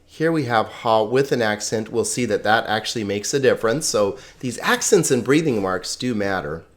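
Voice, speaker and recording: A man teaching a recorded Greek lesson, sounding words out slowly syllable by syllable. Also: lowish voice, lively intonation.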